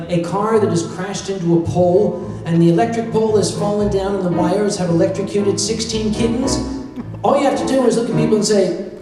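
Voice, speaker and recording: A man from North Carolina telling a comic story live, animated and full of asides and sound effects. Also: high-pitched, recorded from a distance. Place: large convention hall. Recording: echoey hall recorded from afar.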